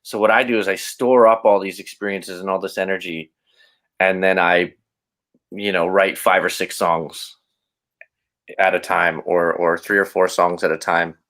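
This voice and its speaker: A man's voice: deep voice, flat delivery, normal speed, a bit bright. A man speaking as a podcast guest, reflective and open, often restarting his sentences. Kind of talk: casual interview chat.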